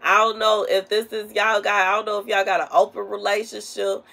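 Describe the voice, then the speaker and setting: A woman's voice: mid-range voice, flat delivery, fairly quick, vocal fry, pushed and bright. A woman sharing a prophetic message in a casual, rambling way, full of conversational asides. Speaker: prophetic minister.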